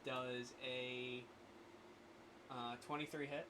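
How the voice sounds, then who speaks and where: A man acting as game master on a live stream, thinking aloud with many pauses as he runs the scene. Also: mid-range voice, little pitch movement, sharp tone, a little hiss or hum.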